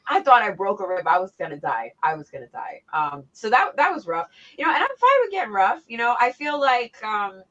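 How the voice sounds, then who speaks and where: A woman guest in a casual interview, telling stories in a blunt, profane and animated way. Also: medium pitch, brisk, few pauses. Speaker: interview guest, former wrestler. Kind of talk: casual chat. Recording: dull lo-fi sound.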